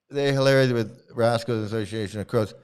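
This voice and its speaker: Middle-aged male host, profane and confrontational, fairly high voice with big, lively pitch swings. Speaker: YouTube channel host. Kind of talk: profane live-stream rant.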